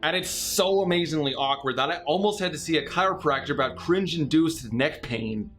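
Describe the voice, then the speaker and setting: A man's voice: on the high side, brisk, fairly bright tone, soft background music. A man narrating a scripted comedic movie review with sarcastic, mocking asides.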